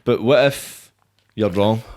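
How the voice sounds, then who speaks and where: A man hosting a podcast interview, calmly putting brief questions. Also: fairly low pitch, slow. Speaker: podcast host. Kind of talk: casual interview.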